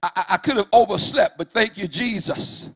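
A man preaching a fervent sermon in a church, swinging from loud calls to hushed storytelling. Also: high voice, brisk, breathy edge. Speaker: pastor.

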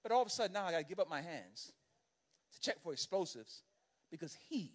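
A man with a noticeably high voice delivers a sermon in the manner of a storyteller. He talks conversationally and animatedly, peppering his lines with "right?" and "you know what I mean?" to pull the congregation along. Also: very animated, a little fast. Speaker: pastor.

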